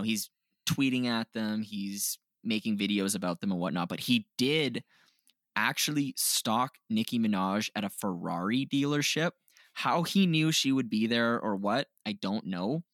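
A man's voice: lowish voice, a little slow, a bit bright, dry recording, clean studio sound. A man co-hosting a casual podcast chat, loose and profane, laughing often. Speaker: podcast co-host.

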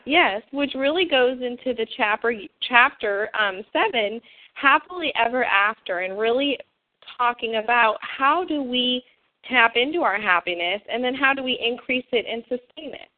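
A woman's voice: on the high side, animated, moderate pace. A woman hosting an interview, responding with eager agreement and steering to the next topic. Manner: enthusiastic, affirming. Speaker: host. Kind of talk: casual conversational interview. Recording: phone-like line.

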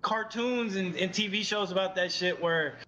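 A man's voice: high voice, moderate pace, sharp tone, dull audio, a little hiss or hum. A man co-hosting a podcast, joking and mocking in casual chat. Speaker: podcast co-host.

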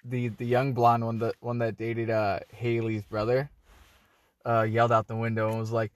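A man's voice: mid-range voice, monotone, moderate pace, no echo. A man in a casual chat who tells a rambling story full of fillers and acts out the people he quotes.

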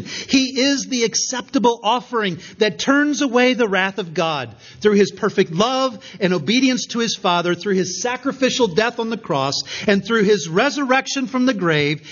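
A man preaching an earnest expository sermon, slowing down with emphatic pauses on key points. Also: high-pitched, a bit bright, highs cut off. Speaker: pastor.

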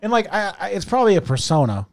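Animated, profane podcast co-host, male. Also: sits high, quick pace, creaky, dry recording, studio quality. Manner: profane, animated, frequent restarts. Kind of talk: casual chat.

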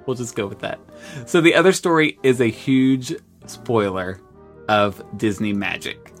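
A man from the United States co-hosts a casual podcast, spinning animated, self-deprecating stories in an easygoing conversation. His voice sits in a middle pitch, with faint music in the background. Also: measured pace. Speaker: podcast co-host. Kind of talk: casual storytelling chat.

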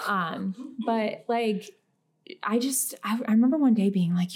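A young woman from Western New York telling stories in casual, profane podcast chat, acting out quotes with lively energy. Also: mid-range voice, gravelly, husky. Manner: animated, profane, quick storytelling with acted quotes. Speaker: podcast guest.

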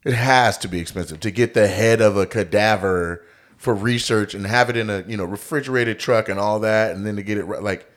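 A man with a fairly low voice co-hosting a casual podcast. He tells stories in an animated, joking way and swears freely. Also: brisk. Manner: animated, joking, profane storytelling. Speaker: podcast co-host.

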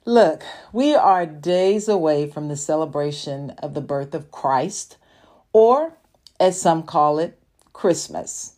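A woman hosting a faith-based podcast, speaking in a slow, emphatic, conversational way. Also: lowish voice, a little mellow. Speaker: podcast host.

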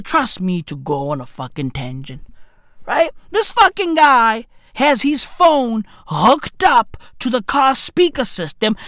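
A woman's voice: a little high, fairly bright tone, no room sound, clean studio sound. A South African woman telling a comic story in a profane rant, asking "right?" again and again.

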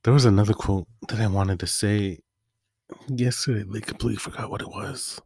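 Male solo host, deep voice, dry close sound, rambling casual monologue. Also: steady tone, a little fast, gravelly, a little mellow, no echo. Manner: rambling, loose and offhand with fillers. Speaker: podcast host.

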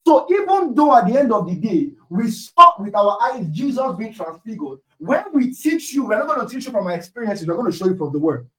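A man preaching a sermon emphatically, repeating key phrases and at times raising his voice to a shout. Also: high voice, big pitch swings, a little fast, few pauses. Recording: echoey room, distant mic.

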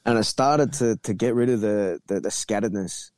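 A man's voice: lowish voice, brisk, a little mellow, dry recording. A man telling a rambling story in casual podcast chat, swearing freely as he goes. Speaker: guest.

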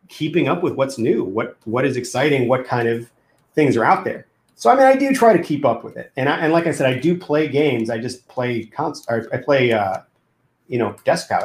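A man who makes games, chatting casually with a lot of restarts and fillers. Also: medium pitch. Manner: hesitant, many restarts and fillers, laughs often. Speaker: game developer. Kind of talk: casual podcast chat. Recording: roomy echo.

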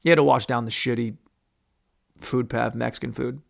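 A man's voice: medium pitch, fairly even intonation, moderate pace, vocal fry. A man hosting a casual podcast on his own, rambling crudely and mocking himself as he talks. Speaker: podcast host. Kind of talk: casual solo podcast monologue.

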